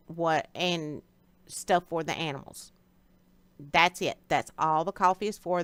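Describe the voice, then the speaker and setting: A woman's voice: lowish voice, fairly bright tone, smooth, no echo. A woman hosting a live stream in a casual, chatty way, greeting viewers by name and answering them directly. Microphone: streaming setup.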